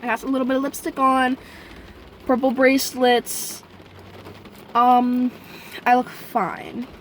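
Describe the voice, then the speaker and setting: A young woman with a high voice tells a story in a casual vlog. She speaks straight to her viewers, rambling and chatty. Now and then she breaks into sudden profane outbursts. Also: flat delivery, slow pace, a little hiss or hum. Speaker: vlogger.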